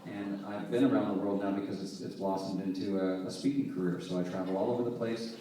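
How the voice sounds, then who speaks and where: A man from Halifax, Canada, a singer-songwriter telling a story between songs in a relaxed, conversational way. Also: low voice, quick pace, slight background noise. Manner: relaxed, conversational, softly spoken. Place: theater stage. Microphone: distant camera mic in the audience. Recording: echoey theater, distant camera mic.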